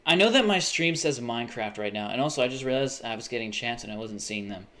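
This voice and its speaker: A young man chatting casually on a live stream. He rambles, swears often and bursts into sudden excited exclamations. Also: medium pitch, brisk. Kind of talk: casual livestream chat.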